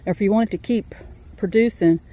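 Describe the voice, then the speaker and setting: Mellow-voiced woman touring her garden. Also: medium pitch, fairly quick. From Virginia, USA. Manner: rambling, homespun, chatty. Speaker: farm vlogger. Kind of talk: casual garden tour. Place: outdoor vegetable garden.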